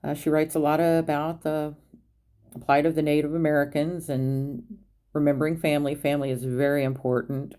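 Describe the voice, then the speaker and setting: A woman teacher giving a recorded lecture to her class, explaining in a relaxed way with many fillers. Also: sits low, moderate pace.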